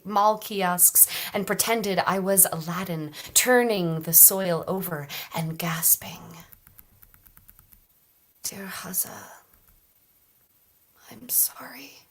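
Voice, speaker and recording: A woman reads poetry at an open mic in a soft, measured way. Her voice has a husky, airy texture, and she takes her time, letting phrases fall to a hush. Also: medium pitch. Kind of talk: poetry reading.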